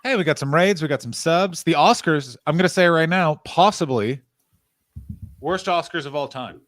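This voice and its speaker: A man chatting on a live stream, his voice sitting a little high for a man and sounding close and dry. He teases his co-host and rants in quick bursts while sounding tired. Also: fairly bright tone, dry recording. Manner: ranting, teasing, quick jokes. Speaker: podcast co-host. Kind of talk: casual stream chat.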